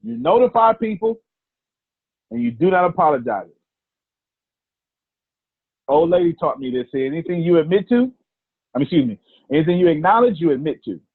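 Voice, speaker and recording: A man who coaches in business, telling stories in a loose, animated way and repeating phrases for emphasis. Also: fairly high pitch, normal speed, pauses often, breathy edge, dry recording. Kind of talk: casual coaching talk. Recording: tinny phone-like line.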